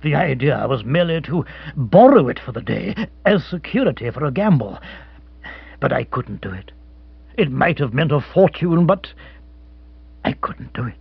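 Man doing a gallant old-colonial hunter, low muttered confession, husky, dry. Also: big pitch swings, normal speed, pauses often, no echo, exaggerated voice. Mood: earnest. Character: crushed middle-aged British colonial hunter, earnest and gallant. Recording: dull, dry close recording.

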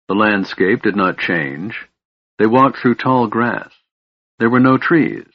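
Male fantasy narrator, measured and steady, husky low voice, dry lo-fi sound. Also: no room sound. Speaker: audiobook narrator.

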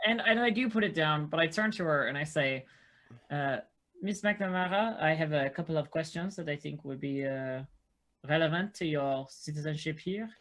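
A tabletop game player voicing their character with formal, measured questions. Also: medium pitch, a bit bright. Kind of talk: in-character role-play with out-of-character chat.

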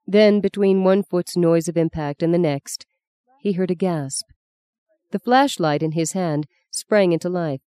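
An audiobook narrator reads a literary novel in a measured, even storytelling style. The voice is medium-pitched, clear and resonant, with no echo.

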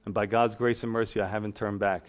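A man's voice: fairly low pitch, flat delivery, fast talker, a little hiss or hum. New pastor telling his story. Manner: storytelling, acts out voices in quotes. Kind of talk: sermon testimony.

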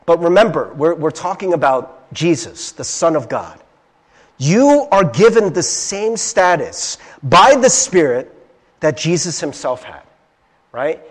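High, animated young preacher from Ohio. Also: male voice, a little slow. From Ohio, USA. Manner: earnest, confiding, keeps checking in with "right?". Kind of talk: conversational sermon.

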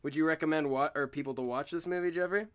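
A man's voice: fairly high pitch, fast talker. A man co-hosting a casual podcast, tossing in wry quips and laughing.

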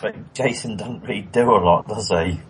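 Low-voiced man, dry and argumentative. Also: normal speed, fairly bright tone, a little hiss or hum, rough recording. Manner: dry, argumentative, matter-of-fact. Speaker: podcast co-host. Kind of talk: casual chat.

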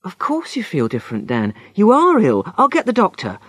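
A man's voice: sits high, wildly swooping pitch, normal speed, husky, dry recording, studio quality, voice pushed up, heavily acted. A man voicing a fussy, cheerful young wife. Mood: anxious. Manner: bright, fussy, pleading. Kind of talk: storybook reading.

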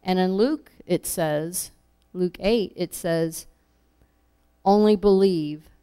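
A woman's voice: on the low side, slow, dark tone, clean tone. A woman preaching a sermon, earnest and repeating key phrases for emphasis.

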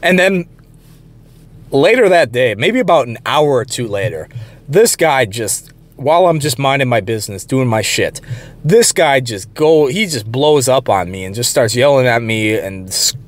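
A man's voice: medium pitch, lively intonation, moderate pace. A young man telling a long workplace story in a blunt, profane, rambling way. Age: young adult. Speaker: channel host. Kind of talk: casual storytelling rant.

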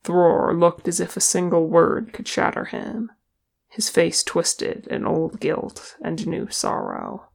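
A woman narrating a story as an audiobook reader, with measured, expressive delivery. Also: lowish voice, creaky, slightly rough. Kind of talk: narrating fan fiction.

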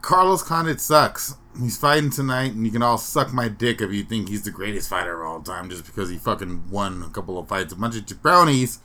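A man hosts a casual podcast with a low, bright, forward voice. He talks in a crude, offhand way and swears freely. He moves from point to point without much care. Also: a little fast, hardly any pauses. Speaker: podcast host. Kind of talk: casual chat.

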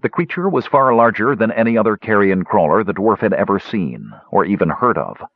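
A man reading a fantasy adventure aloud in steady, measured scripted narration. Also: on the low side, slightly rough, no room sound. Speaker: audiobook narrator. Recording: dull, dry lo-fi recording.

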